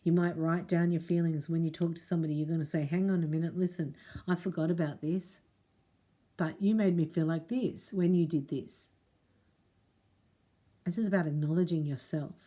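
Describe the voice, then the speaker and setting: A woman's voice: sits low, steady tone, normal speed, dark tone. A middle-aged woman giving a chatty spiritual reading to camera, talking straight to the viewer and reading prayers aloud. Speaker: spiritual reader and Reiki teacher.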